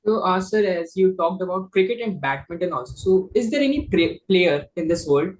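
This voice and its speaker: A man's voice: high-pitched, lively intonation, normal speed, low-quality recording. A man interviewing a guest, asking questions politely and hesitantly, often addressing him as sir.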